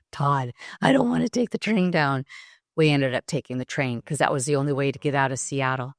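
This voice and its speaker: A woman in her sixties, a podcast guest, recounts a personal story haltingly and reflectively, pausing and restarting. Her voice sits low, recorded at studio quality with no echo.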